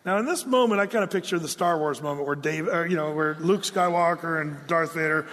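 A man's voice: sits high, fairly quick, fairly bright tone, in a large hall. A man preaching a sermon, telling a story and acting out the quotes with playful asides. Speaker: pastor.

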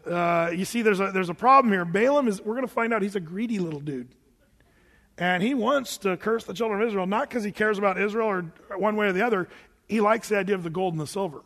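A man preaching a sermon, retelling a story in an animated, conversational way with fillers and restarts. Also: high-pitched, quick pace, big-room sound.

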